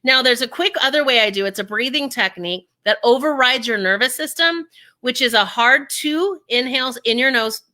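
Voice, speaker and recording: A woman speaking coach as an interview guest, energetic and acting out inner voices as she explains. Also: on the high side, normal speed.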